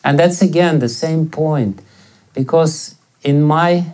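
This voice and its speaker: A man's voice: fairly high pitch, slow, darkish tone. A male spiritual teacher giving a scripture lecture, telling a story with many hesitant fillers.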